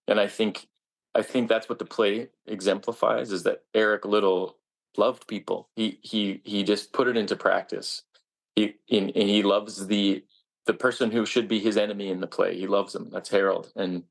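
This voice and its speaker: A man with a gravelly, fry-edged voice sitting a little low in pitch. He is a stage actor answering interview questions casually. He talks earnestly but haltingly, often restarting his sentences.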